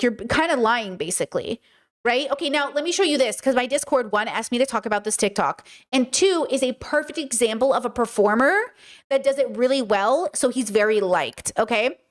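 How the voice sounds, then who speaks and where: A woman hosting a stream, giving casual commentary in an emphatic, animated way and repeating her points. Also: a little high. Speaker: streamer and podcast host.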